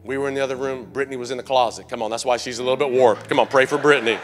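A middle-aged man preaching a sermon as pastor in a church, calling out to the congregation and rising from low confiding tones to loud shouts. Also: level tone, racing, noisy background. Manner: call-and-response preaching, surging to shouts.

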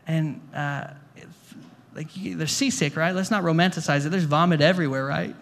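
A man's voice: on the high side, normal speed, few pauses, a bit bright. A male pastor preaching a sermon to a congregation in a conversational way, repeating words and asking the room questions. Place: church hall before a congregation.

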